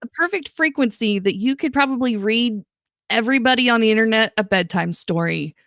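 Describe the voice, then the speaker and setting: A woman's voice: a little high, lively intonation, fairly quick, a bit bright, no room sound, clean studio sound. A woman guesting on a livestream, chatting in a teasing, enthusiastic way and laughing often. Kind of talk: casual livestream chat.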